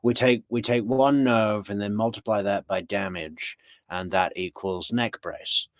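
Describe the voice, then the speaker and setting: A man's voice: fairly low pitch, steady tone, unhurried, no room sound, studio quality, natural voice. A man doing a sarcastic impression of a whiny young man who is faking an injury. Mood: mocking.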